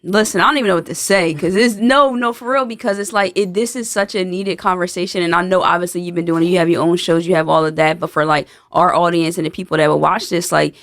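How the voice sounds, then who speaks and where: A woman hosting a podcast who talks quickly and casually, restarting her questions as she searches for the right words. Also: lowish voice, steady tone, fairly bright tone, dry recording, clean studio sound. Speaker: podcast host. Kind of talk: casual interview chat.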